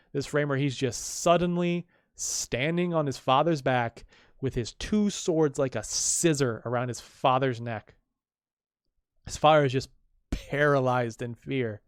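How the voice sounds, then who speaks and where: A chatty man talks through the pages of his own comic, restarting sentences as he explains each panel. His voice sits at an everyday middle pitch, and the sound is close and dry with no room around it. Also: smooth, dry recording. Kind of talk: casual comic reading with commentary.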